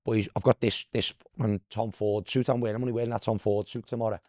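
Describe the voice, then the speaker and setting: Animated Scouse man telling stories. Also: fairly low pitch, fast talker, no echo, clean studio sound. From Liverpool, England. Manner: animated, mimics voices in anecdotes, says "lad" constantly. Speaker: guest, former footballer. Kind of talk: casual storytelling.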